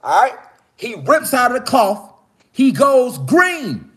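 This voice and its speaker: A man preaches outdoors in the mountains. His talk is casual, profane and slangy, and it keeps climbing into fired-up shouts. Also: very high voice, big pitch swings, slow pace, husky. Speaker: spiritual commentator.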